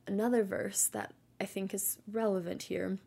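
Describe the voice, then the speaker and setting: A woman with a slightly gravelly, husky voice speaks at a middling pitch. She gives a casual devotional talk as a Christian mother. Her delivery is earnest and gentle, and she often sinks into a soft near-whisper. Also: level tone, moderate pace.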